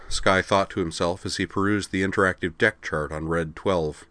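A man narrating a story aloud in a steady, measured way. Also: deep voice, no echo. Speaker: story reader. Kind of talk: audiobook narration.

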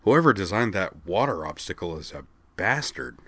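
A young male pilot, brash and frank, quick to joke, voiced by a man reading a story. His voice is low and plain. The sound is dry and close. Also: big pitch swings, fairly bright tone, husky, no echo, heavily acted.

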